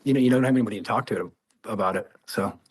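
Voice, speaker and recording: Animated male veteran storyteller. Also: lowish voice, quick pace, breathy edge. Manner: animated, laughs often, acts out quoted voices. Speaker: guest, former Marine. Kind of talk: conversational storytelling.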